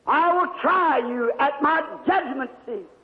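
A stern divine judge, done by a preacher in a high voice, asking slow, solemn questions from the throne. The recording is tinny and lo-fi, with a long hall reverb trailing each line. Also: male voice.

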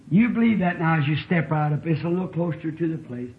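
A male preacher, leading a healing service and pleading with his congregation in a fervent, drawn-out way. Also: on the high side, lively intonation. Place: church hall. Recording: echoey, dull old church recording.

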